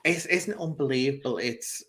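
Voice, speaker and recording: A man hosting a casual live chat in a mid-pitched voice. He rambles between topics and delivers opinions with blunt frankness. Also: moderate pace, a bit bright. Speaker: host.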